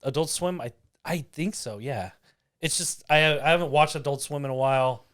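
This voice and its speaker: A man's voice: a little high, normal speed, a bit bright. A young man co-hosting a casual chat, rambling with restarts and goofy jokes. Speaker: podcast co-host.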